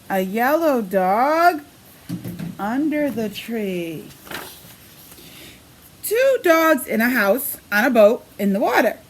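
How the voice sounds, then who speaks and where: A preschool teacher woman reads a picture book aloud, her high voice swooping up and down in a lively sing-song. She takes her time over each page and stops to quiz the children. A faint hum of room noise sits behind her. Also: takes it slowly, long pauses. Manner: animated, sing-song storybook delivery with questions to the kids.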